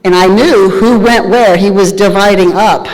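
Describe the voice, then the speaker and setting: A woman's voice: medium pitch, moderate pace. Woman, 30s+, candid storyteller at a meeting, mid-range voice, reverberant hall. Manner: candid, humorous, animated storytelling. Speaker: speaker sharing recovery story. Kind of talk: storytelling talk at a recovery meeting. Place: large hall at a live event.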